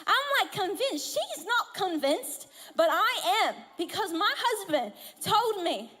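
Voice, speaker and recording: High-voiced woman preaching, animated. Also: a little slow. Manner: animated storytelling, laughs often. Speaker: pastor. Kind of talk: sermon. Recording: long church hall reverb.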